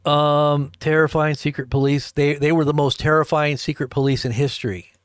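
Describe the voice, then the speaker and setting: A man's voice: a little high, flat delivery, moderate pace, clear, resonant tone, dry recording. Man, livestream host, rambling storyteller, talks to chat, chuckles, dry close sound. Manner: rambling, chuckling, addresses viewers directly. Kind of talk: casual storytelling to a live chat.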